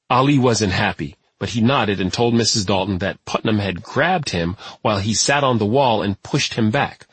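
A male narrator reads a first-person novel with a wry, dry delivery. His voice is husky and raspy but moves expressively up and down. The recording is close and dead, with no room sound. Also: fairly low pitch, a bit bright, dry recording. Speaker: audiobook narrator.

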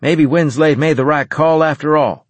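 A man playing a raspy, surly revived soldier. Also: a little high, fairly even intonation, normal speed, dry recording, pitched above the performer's own voice, natural voice. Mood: grinning. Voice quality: raspy, slurred. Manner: crude, belligerent.

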